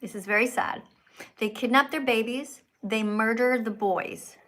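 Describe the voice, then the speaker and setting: Insistent lecturing woman host, higher voice. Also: measured pace, bright, forceful tone. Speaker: livestream host. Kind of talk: livestream chat.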